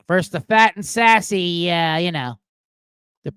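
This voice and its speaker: A man's voice: sits high, a little slow, pauses often, bright, forceful tone, clean tone, no echo, studio quality. A middle-aged man hosting a live sports betting show, rambling in a jokey, profane way. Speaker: sports betting podcast host. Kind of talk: casual live show chat.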